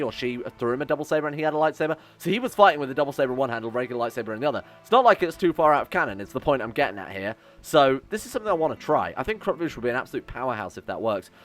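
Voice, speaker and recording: A man streaming a video game, rambling and thinking aloud with lots of fillers, excitable as he plays, recorded close on a desk mic at home. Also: medium pitch. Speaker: gaming streamer. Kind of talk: casual let's-play commentary.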